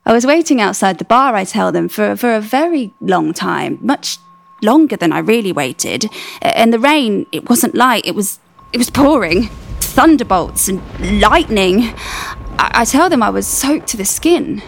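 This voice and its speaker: Young actress, wry monologue, slight fry, dry booth sound. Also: female voice, mid-range voice, expressive, measured pace, no echo. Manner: wry, self-mocking storytelling. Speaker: narrator and actress. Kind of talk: dramatic monologue reading.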